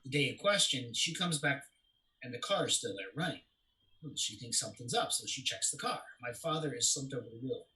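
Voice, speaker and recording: A man's voice: medium pitch, brisk, rough recording. An actor playing a young man who recounts his father's death in a confessional, storytelling way during a stage play reading. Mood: somber. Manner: confessional storytelling, swings to loud anguish.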